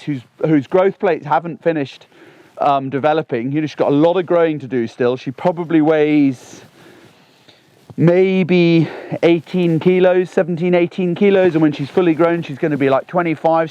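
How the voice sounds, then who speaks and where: A man, talking through a gun dog training session outdoors on a lawn, chatty and animated. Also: on the high side, moderate pace, no room sound, lo-fi sound. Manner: chatty and animated, bursts into excited exclamations.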